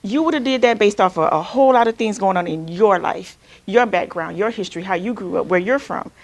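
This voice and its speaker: In a workshop built around group sharing, a female counselor from Alabama talks in a medium-pitched voice at a fairly quick clip. She keeps things casual and conversational, repeatedly asking "right?" to check in.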